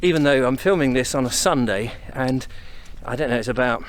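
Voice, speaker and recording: A man's voice: medium pitch, brisk, slight background noise. A man from England talking casually to camera as he walks country footpaths outdoors, slightly out of breath, chatty and rambling as he thinks aloud. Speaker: vlogger on a country walk. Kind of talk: casual walking commentary to camera. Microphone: camera on a tripod, set up and carried along.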